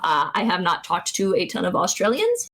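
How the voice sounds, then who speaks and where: A woman's voice: lowish voice, wildly swooping pitch, normal speed, fairly bright tone. A woman, streaming and chatting casually, rambling with many restarts and giggles.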